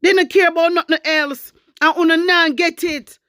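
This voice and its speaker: A woman's voice: very high-pitched, fairly even intonation, moderate pace, fairly bright tone, no room sound, clean studio sound. Fired-up Jamaican woman ranting. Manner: angry, preachy, in Jamaican Patois. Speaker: political commentator. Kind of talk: impassioned political rant.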